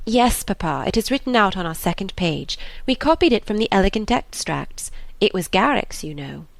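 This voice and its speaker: A woman voicing a confident, clever young lady in an audiobook, brisk and reassuring. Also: mid-range voice, sing-song, creaky, no room sound. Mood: assured.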